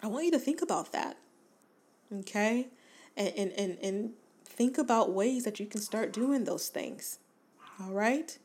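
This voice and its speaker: A woman's voice: mid-range voice, lively intonation, measured pace, darkish tone, slightly rough. A woman in her forties hosting a self-help podcast, talking earnestly and encouragingly, with many fillers and restarts. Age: 40s. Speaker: podcast host.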